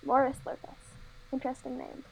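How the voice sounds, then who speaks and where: A woman's voice: sits high, monotone, a little fast, gravelly, a little hiss or hum, low-quality recording. A woman guest in a casual chat over a video call, talking hesitantly with many ums.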